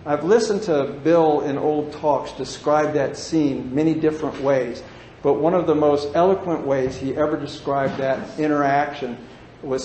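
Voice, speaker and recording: A man's voice: medium pitch, a little mellow, slight background noise. A man in his sixties, plain-spoken and folksy, telling his recovery story to a meeting and livening up when he jokes. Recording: echoey room with faint ambience.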